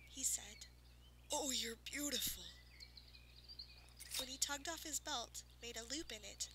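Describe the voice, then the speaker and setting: Bright-voiced woman reading a fairy tale. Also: a little high, slight background noise, low-quality recording. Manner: soft, measured, lyrical, dipping into whispers. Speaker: audiobook reader. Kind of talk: storybook narration.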